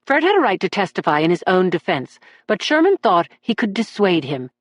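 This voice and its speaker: A woman narrating a crime thriller audiobook in a steady, even storytelling manner, read close to the mic. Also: on the low side, fairly quick, dry recording, muffled recording. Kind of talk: scripted narration.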